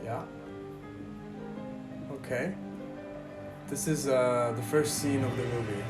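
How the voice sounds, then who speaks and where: A man hosting a podcast who reviews a bad film with sarcastic, crude, mock-reverent humor. His voice is in a middle pitch for a man. A faint music bed plays underneath. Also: steady tone, slow. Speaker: podcast host. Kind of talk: comedic movie review and reaction.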